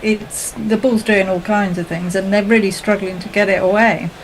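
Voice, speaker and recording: A woman's voice: medium pitch, steady tone, moderate pace, poor audio. A woman co-commentating on cricket in a casual, chatty tone. She keeps the talk moving with questions and quips. Faint noise hums behind her.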